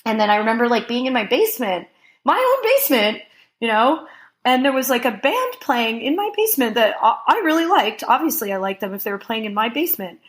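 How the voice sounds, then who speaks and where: A woman in her thirties, a podcast guest, telling a long casual story in an animated way, laughing often and filling her talk with "like.". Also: fairly high pitch, fairly quick. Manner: animated, laughing, heavy use of "like".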